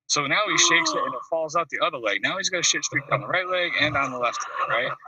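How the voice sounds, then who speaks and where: A man telling a long, animated funny story on a video call, acting out voices and laughing at his own tale. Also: a little high, fast, heavy background noise. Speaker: call-in show host. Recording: dry video call audio, distant from the mic.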